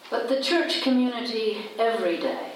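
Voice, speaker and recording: A woman pastor giving a baptism sermon, slow and deliberate, with repeated phrases and emphatic rises. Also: on the high side, animated, a little hiss or hum. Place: church sanctuary. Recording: echoey church from a distant mic.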